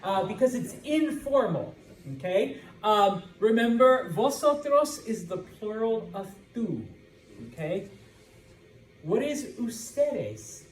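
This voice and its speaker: Slow, joking American man teaching in an echoey classroom. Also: sits high, big pitch swings, recorded from a distance. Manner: informal, joking, checks understanding with constant "okay?". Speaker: Spanish teacher. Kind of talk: classroom lecture with student call-and-response.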